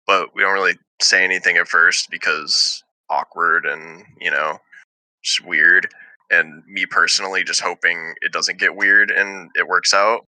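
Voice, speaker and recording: A man's voice: sits low, fairly even intonation, a little slow, sharp tone, no echo, low-quality recording. A young man telling a heated story to friends in casual chat, swearing freely and laughing often.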